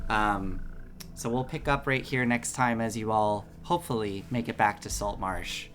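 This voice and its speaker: Bright-voiced game master, relaxed. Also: male voice, lowish voice, normal speed, slight background noise. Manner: relaxed, many fillers. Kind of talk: narrating a tabletop game.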